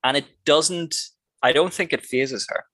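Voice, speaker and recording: Bright-voiced man in casual podcast chat. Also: fairly high pitch, unhurried, no echo, poor audio. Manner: laid-back and analytical, breaks into laughs. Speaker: podcast co-host. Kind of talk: casual film-discussion chat.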